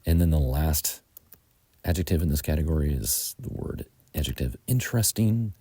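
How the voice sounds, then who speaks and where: A man with an American accent teaching English grammar, explaining slowly and methodically with frequent ums. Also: a bass voice, lively intonation, dark tone, husky, dry recording.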